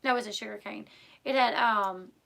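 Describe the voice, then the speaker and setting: Bright, gravelly woman rambling. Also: medium pitch, normal speed. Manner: rambling, filler-heavy, lots of "like" and "um"; emotional, retelling a scare. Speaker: vlogger. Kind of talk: casual personal storytelling.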